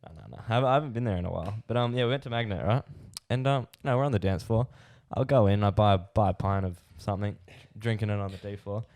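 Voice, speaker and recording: A man's voice: lowish voice, quick pace, few pauses. Laughing young Australian man telling stories. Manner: animated storyteller who laughs through his anecdotes. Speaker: podcast co-host. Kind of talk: casual chat.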